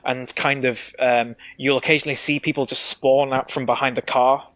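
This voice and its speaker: A man's voice: mid-range voice, little pitch movement, normal speed, a bit bright, dry recording. A man, a podcast guest, chatting casually and rambling through a game review. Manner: rambling, with frequent restarts and swearing. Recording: dull dry sound.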